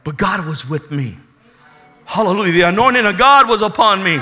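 A man's voice: high-pitched, expressive, a little fast, bright, forceful tone, slight background noise. A man preaching a fervent sermon and telling his testimony, calling out hallelujah. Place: church hall. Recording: echoey hall.

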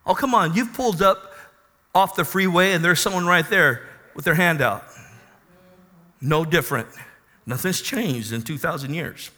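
A man's voice: fairly high pitch, moderate pace, long pauses, bright, forceful tone, long reverb tail. A man preaching a sermon to his congregation, calling for amens and acting out Bible figures. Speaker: pastor. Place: church.

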